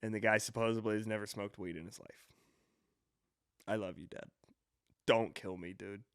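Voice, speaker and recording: Fairly low-pitched and smooth, this man in his twenties speaks at a normal speed with fairly even intonation. As a podcast host, he rambles through a casual storytelling monologue full of profanity and restarts, correcting himself along the way. The recording is dry and studio quality.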